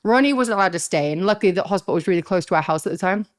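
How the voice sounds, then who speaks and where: A woman in her thirties telling a story as a podcast guest, animated, swearing freely and acting out what others said. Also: fairly low pitch, rapid-fire, no room sound, clean studio sound. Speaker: guest, pro wrestler.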